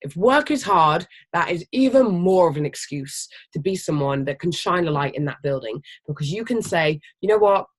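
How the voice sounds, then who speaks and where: Team leader, casual motivational training talk; emphatic, energetic, swears freely, mid-pitched. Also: normal speed, hardly any pauses, husky. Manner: animated, energetic. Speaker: team leader of a health business.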